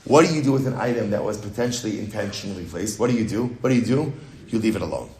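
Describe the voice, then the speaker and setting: A man, a rabbi, teaching a daily Talmud class, reading Aramaic passages and explaining them in English with lively repetition. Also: lowish voice, quick pace, roomy sound, a little hiss or hum. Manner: animated, repeats phrases, reads Aramaic then explains in English. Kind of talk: daf yomi Talmud class.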